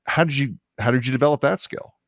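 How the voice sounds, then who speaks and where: Male podcast host, fifties, medium pitch, enthusiastic, rambling questions, dry close mic. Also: quick pace, a bit bright, no room sound. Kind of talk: casual interview.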